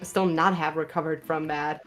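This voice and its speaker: A woman with a slight lisp commentating a live speedrun stream from a booth, chatty and quick to laugh. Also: sits low, steady tone, fairly bright tone, faint music behind. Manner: chatty, laughs often, restarts phrases.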